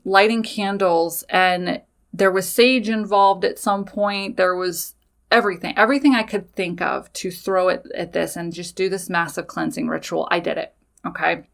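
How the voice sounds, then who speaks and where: Podcast host, woman, bright clear voice, candid storyteller who swears casually. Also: medium pitch. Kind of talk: personal storytelling.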